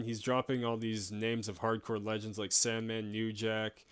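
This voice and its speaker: A man's voice: lowish voice, little pitch movement, moderate pace, few pauses, smooth, dry recording. A young man giving a casual, chatty recap of a wrestling show, with frequent laughs and fillers.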